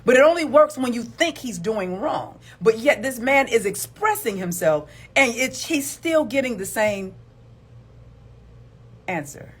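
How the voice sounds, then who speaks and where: A woman's voice: on the high side, sing-song, a little slow, breathy edge. A woman giving emphatic, preachy commentary on relationships, repeating words for stress. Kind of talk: opinionated video commentary.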